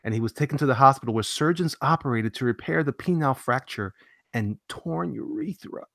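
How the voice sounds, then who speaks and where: A man hosting a casual comedy podcast, reading odd news aloud with mock drama and excitable asides. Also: medium pitch, fairly quick, gravelly, dry recording. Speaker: podcast host.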